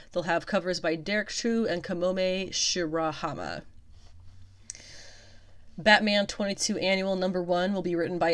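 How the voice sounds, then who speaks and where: A woman with a slightly low voice, casually working through a list of upcoming comic releases. She reads in a chatty way and drops wry asides in between. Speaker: comics news vlogger. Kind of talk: casual reading of comic listings.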